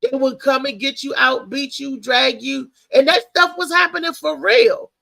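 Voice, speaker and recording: A woman hosting a live talk show, who talks loudly and excitably and tells family stories. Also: high-pitched, moderate pace, gravelly. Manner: animated, loud and excitable, telling family stories. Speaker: host. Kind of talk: casual live-show monologue.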